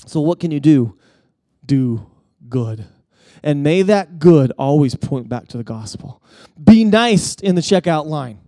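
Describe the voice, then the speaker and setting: A male pastor preaching a sermon in a conversational, animated way, often restarting his phrases and building intensity as he tells stories. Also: fairly high pitch, moderate pace, no echo, clean studio sound. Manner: conversational with frequent restarts and stammers; animated storytelling, rising intensity at key points.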